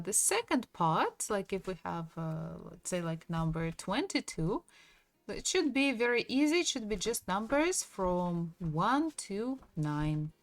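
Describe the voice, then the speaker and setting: Woman teaching, very slow and lively. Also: mid-range voice, dry recording. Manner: patient, repeats words slowly for practice. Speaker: Russian language teacher. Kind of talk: online language lesson.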